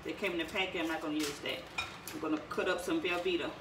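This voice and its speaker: A woman talks through a recipe in her home kitchen, rambling and restarting her sentences in a casual vlog. Her voice sits a little low. Pans, dishes and cutlery clink clearly behind her. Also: steady tone, quick pace, noisy background. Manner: chatty, rambling, stutters and restarts. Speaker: home cook vlogger. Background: clinking pots, pans and cutlery.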